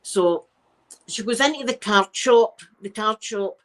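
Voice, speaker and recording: A middle-aged woman with a Scottish accent, hosting a live stream and chatting casually to viewers in an animated, self-mocking way. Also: medium pitch, slow. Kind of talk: casual chat storytelling to viewers.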